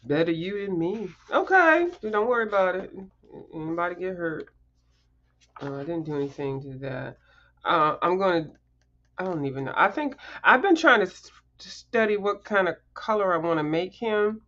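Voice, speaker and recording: A chatty coloring livestream host talks casually through show-and-tell, rambling along with emphatic asides to the viewers. The voice sits at a middle pitch. The audio is a little muffled and lo-fi. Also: moderate pace, sharp tone.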